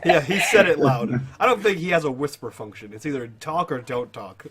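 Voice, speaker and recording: A man jokes around at a tabletop game table, talking loudly and laughing easily. His voice sits fairly high and swings widely. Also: expressive, fairly quick, crowd noise. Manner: loud, joking, laughing. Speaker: player. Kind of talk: casual chat.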